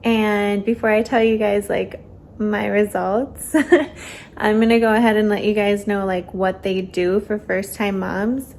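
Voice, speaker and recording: Slow-talking woman, a little out of breath. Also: mid-range voice, fairly even intonation, darkish tone, a little hiss or hum. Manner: chatty and candid, with many fillers. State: slightly out of breath. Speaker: vlogger. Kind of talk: casual vlog chat.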